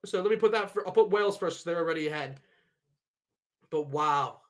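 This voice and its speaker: A man giving a live reaction to a sports draw, excitable and thinking aloud as he keeps addressing his viewers. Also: a little high, a little fast. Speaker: sports vlogger.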